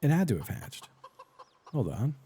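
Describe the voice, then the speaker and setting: A man's voice: mid-range voice, wildly swooping pitch, a little slow, mellow, a little hiss or hum. A man live-streaming a game, chatting casually, narrating his own moves and greeting his viewers. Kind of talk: casual gameplay chat.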